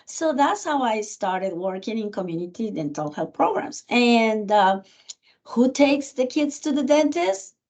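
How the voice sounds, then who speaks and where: A middle-aged woman with a Spanish accent, a guest in an interview, telling her story in an earnest, animated way. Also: fairly high pitch, unhurried. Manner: earnest, animated, acts out remembered dialogue. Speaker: guest speaker, county commissioner. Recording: muffled lo-fi recording.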